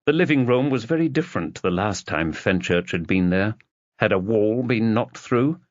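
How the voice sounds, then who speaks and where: A man narrating a mystery novel as an audiobook in an expressive reading. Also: lowish voice, normal speed, no echo. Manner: expressive reading, voices the characters. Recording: dull, dry lo-fi recording.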